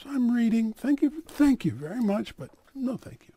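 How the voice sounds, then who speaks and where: A man playing a tiny, humble old rabbi with a soft, polite way of speaking and a gravelly, husky edge. He sounds meek yet quietly firm, his voice lifting a little higher than usual. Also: big pitch swings, normal speed, exaggerated voice.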